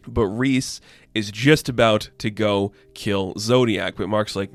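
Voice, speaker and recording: A man giving a casual, excited comic book review, talking loosely and swearing freely. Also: fairly low pitch, a little slow, no echo.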